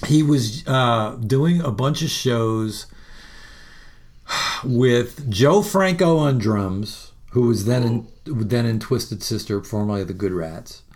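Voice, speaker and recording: A man, a musician, telling animated, profane road stories and laughing through them in a casual interview. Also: mid-range voice, slow pace, slight background noise. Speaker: musician guest.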